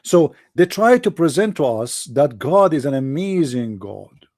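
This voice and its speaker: Brief: male debate streamer, higher-pitched, mocking and confrontational, dry close sound. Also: very animated, a little slow, darkish tone, dry recording. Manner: sarcastic, taunting, direct address to opponents. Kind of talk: mocking live-stream polemic.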